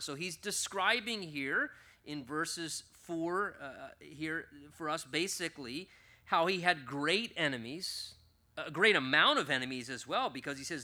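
A man preaching a sermon as pastor, conversational and animated, acting out quoted prayers and dialogue. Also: on the high side, unhurried.

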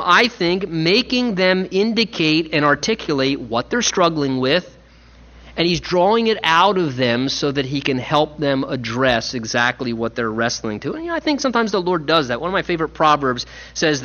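A man, a pastor, preaching a sermon and acting out the people in the story in his own voice. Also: a little high. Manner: animated, acts out biblical voices in his own voice. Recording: lo-fi dull sound.

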